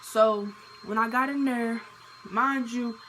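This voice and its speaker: A woman's voice: fairly high pitch, fairly even intonation, takes it slowly, fairly bright tone. A young woman casually telling a personal story to camera, full of fillers like "basically" and "like" and acted-out dialogue. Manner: chatty, lots of fillers and quoted dialogue. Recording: faint background noise.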